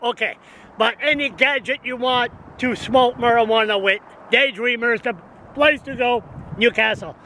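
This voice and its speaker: This vlogger, a man in his 60s, rants agitatedly to a camera on a stand outside on a windy, busy town street, rambling and repeating himself. His pitch is extremely high, his tone sharp, his speed normal. The audio is poor, full of wind and street noise.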